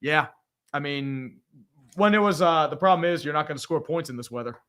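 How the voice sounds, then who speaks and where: A man hosts a live reaction stream and talks in a blunt, profane, opinionated way. His voice sits a little high for a man and has a bright, forceful edge. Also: clear, resonant tone. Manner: blunt and profane, quick opinions, frequent laughs. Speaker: livestream host reading viewer donations.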